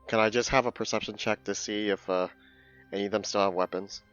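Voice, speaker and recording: A man's voice: lowish voice, fairly even intonation, quick pace, a bit bright, clear, resonant tone, soft background music. A man playing a tabletop game, asking questions in a hesitant, casual way. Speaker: player. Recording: dull lo-fi mic.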